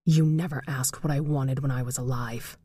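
A woman voicing the vengeful ghost of a dead mother, speaking in a slow, menacing whisper. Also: rumbling low, fairly even intonation, dark tone, husky, no room sound, studio quality, voice pushed down. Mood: whispering menace.

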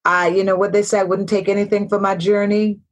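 Guest actress, woman in her sixties, reflective storyteller, middle-pitched voice. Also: little pitch movement, fairly quick. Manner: reflective, storytelling, repeats phrases for emphasis. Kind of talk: casual interview talk.

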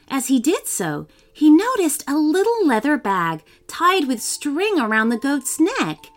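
A woman narrating a children's storybook in a lively, expressive reading voice. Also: a little high.

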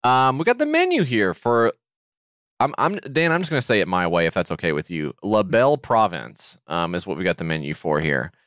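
Man, podcast co-host, sarcastic and jokey, swears a lot, low voice, dry close sound. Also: big pitch swings, a little fast, a bit bright, clean tone, dry recording. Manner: reads listener emails aloud. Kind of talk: casual podcast chat.

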